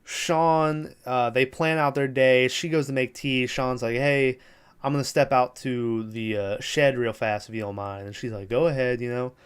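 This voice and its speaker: A man's voice: mid-range voice, steady tone, moderate pace, smooth. A young man hosting a podcast, casually recapping a movie plot in a loose, rambling way with lots of fillers and swearing. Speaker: podcast host.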